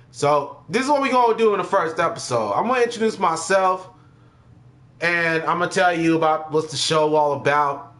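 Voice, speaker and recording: Young man, gaming vlog host, slangy and excitable, lively up-and-down pitch, unhurried delivery. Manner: excitable and slangy, quick to exclaim. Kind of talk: casual gaming vlog chat.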